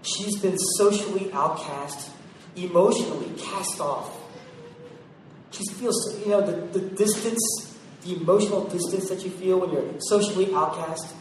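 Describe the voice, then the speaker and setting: Man preaching, fairly high voice, dramatic swings from loud to hushed, very echoey hall, distant mic. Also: a little slow, slight background noise. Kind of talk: sermon.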